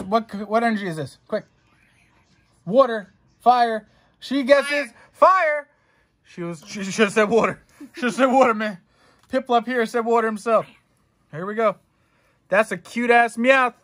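High-pitched and fairly bright, this young man's voice carries a casual trading card unboxing stream. He rambles and cracks jokes at his chat, swearing a lot.

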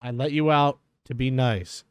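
A man giving casual gameplay commentary as a streamer, chatty and quick to exclaim, breaking off to talk to his dogs. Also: mid-range voice, clean tone, no room sound, studio quality. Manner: chatty, exclaims often, talks to his dogs between game remarks. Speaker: gaming streamer.

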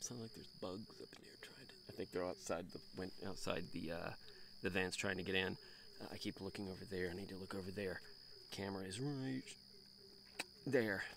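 A middle-aged man chatting through a casual camping vlog outdoors on a farm, rambling and relaxed. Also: fairly low pitch. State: out of breath. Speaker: camping vlogger. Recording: outdoor noise, birds and animals.

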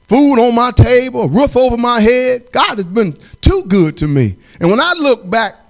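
A man's voice: very high-pitched, expressive, normal speed. A man preaching a fervent, folksy sermon in a church, chuckling and breaking into song.

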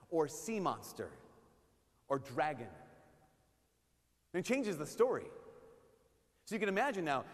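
A priest delivers a sermon at a parish mission in a church, conversational and animated, sometimes dropping to hushed tones for emphasis. His male voice is a little high, and the church hall gives it a long reverb.

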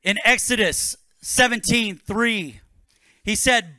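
A man's voice: fairly high pitch, measured pace, bright, forceful tone, dry recording. A man, a pastor, preaching a sermon to his congregation with rising bursts of energy.

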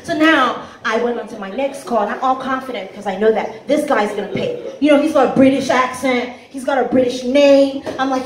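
A woman's voice: high-pitched, fairly quick, hardly any pauses. A woman raised in Africa doing stand-up storytelling at an open mic, acting out voices. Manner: lively, acts out voices. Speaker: stand-up comic. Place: comedy club. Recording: echoey club room, faint noise.

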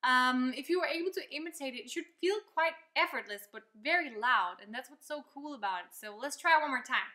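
A woman's voice: high voice, lively intonation, a little fast, hardly any pauses, sharp tone. A woman teaching a singing lesson, explaining step by step in an upbeat, encouraging way. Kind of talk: vocal lesson with demonstrations. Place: loud location, not a quiet studio.

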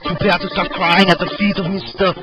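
A man voicing a brash, boastful young male turtle bully in a video game, over a dull lo-fi mic with loud game music behind. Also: high-pitched, level tone, brisk, very noisy, pitched above the performer's own voice, lightly acted. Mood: taunting. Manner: loud, taunting.

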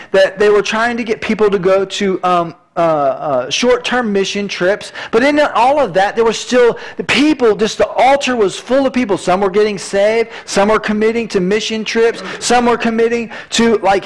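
A man's voice: sits high, poor audio. A middle-aged man, preaching a conversational sermon with many restarts and asides.

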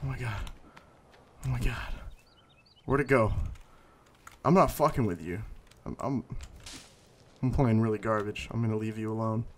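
A man hosting casual gameplay commentary, swearing freely and yelling at in-game scares. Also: on the low side, normal speed, long pauses, a little hiss or hum. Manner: profane, shrieks and yells at in-game scares. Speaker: gaming channel host.

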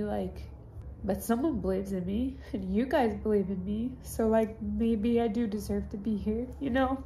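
A woman's voice: medium pitch, steady tone, normal speed, dark tone, slight background noise. A young woman vlogging into her phone with a teary, crying voice, gushing and saying "like" constantly, in a hotel room. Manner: gushing, heavy use of "like". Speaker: fitness influencer. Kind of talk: casual vlog confession.

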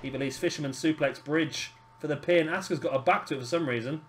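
A British man giving casual, excitable play-by-play commentary on a wrestling video game. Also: fairly high pitch, quick pace, slight background noise. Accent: British English. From Britain. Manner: excitable, calls near-falls with rising energy.

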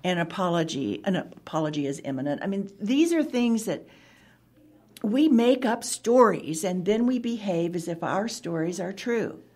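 A woman speaks with a slightly husky, breathy voice at a middle pitch. As an author guest in an interview, she tells stories conversationally and slips into animated acted-out dialogue. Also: moderate pace. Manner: animated, acts out quoted dialogue.

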